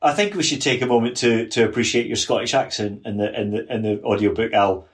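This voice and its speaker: A man's voice: medium pitch, fast talker. A man speaking as a podcast guest in casual conversation, earnest and repeating words as he thinks.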